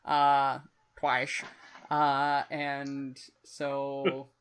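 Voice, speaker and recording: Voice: mid-range voice, moderate pace, bright, forceful tone. A podcast co-host bantering playfully and teasing the other host. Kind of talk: casual banter.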